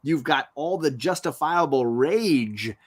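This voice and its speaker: A man's voice: a little high, lively intonation, slow pace, voice pushed up. A man voicing a scheming demon lord who is furious and baffled, in an incredulous, casual paraphrase. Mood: baffled, angry.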